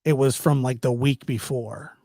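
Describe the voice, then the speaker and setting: A man telling a casual anecdote, animated and chuckling as he acts out the people in it. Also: medium pitch, normal speed, no echo, clean studio sound. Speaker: storyteller.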